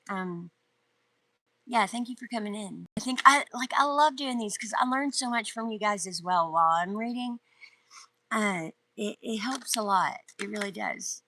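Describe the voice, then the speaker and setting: A chatty woman gives a relaxed tarot reading outside on a windy day. Her voice is bright and clear, and her pitch sits in the middle range. She rambles warmly from thought to thought and laughs easily. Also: low-quality recording. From North Georgia, US. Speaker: tarot reader. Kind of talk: casual live tarot reading. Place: outdoors in the wind.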